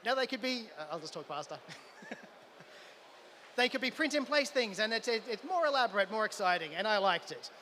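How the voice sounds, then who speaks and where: An Australian man speaks at a conference with eager enthusiasm, tripping over restarts as his ideas run ahead of him. His voice sits high and bright. Faint event ambience hums behind him. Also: lively intonation, a little fast, slight background noise. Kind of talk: live conference talk. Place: event hall.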